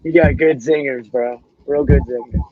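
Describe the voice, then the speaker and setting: A man's voice: mid-range voice, steady tone, normal speed, no room sound. A man on an online panel, talking bluntly and with plenty of swearing in casual chat. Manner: blunt, profane, laughs at jokes. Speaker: panel guest. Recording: dull, lo-fi call audio.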